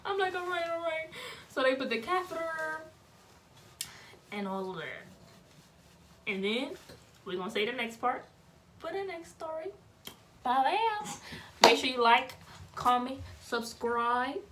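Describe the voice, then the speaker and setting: A woman's voice: sits high, unhurried, pauses often, far from the mic, a little hiss or hum. A young woman, telling a story casually as a vlogger and acting out the voices of the people in it. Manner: animated, acts out voices of relatives and nurses.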